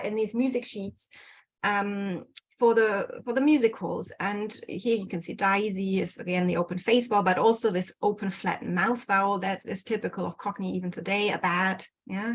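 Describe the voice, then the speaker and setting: Hesitant woman giving an online lecture. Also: mid-range voice. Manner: hesitant, many ums and self-corrections. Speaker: guest speaker presenting research. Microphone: video call.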